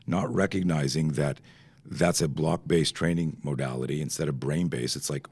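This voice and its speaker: Middle-aged man from Canada, podcast guest, storyteller, acts out voices, swears freely, dry close sound, very deep. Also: a little fast, slightly rough, dry recording. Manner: animated, swears, acts out quoted dialogue. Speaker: guest, self-defense instructor.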